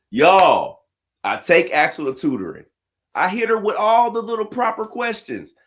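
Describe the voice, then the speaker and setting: A man telling a funny family story as host, dropping to low asides and bursting into high laughing shouts. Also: huge pitch swings, normal speed. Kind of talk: storytelling comedy reaction.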